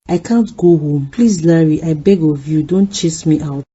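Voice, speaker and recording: An actress voicing a distressed young woman who pleads in a husky voice. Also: low-pitched, moderate pace, dark tone. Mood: pleading. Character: distressed young woman hurt by her boyfriend. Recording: dull lo-fi sound.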